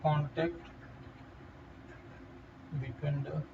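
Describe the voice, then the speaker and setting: A man's voice: fairly high pitch, level tone, creaky. Indian man lecturing from a distant mic. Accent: Indian English. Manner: halting, with fillers and restarts. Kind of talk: whiteboard lecture. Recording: distant, dull lo-fi mic with faint noise.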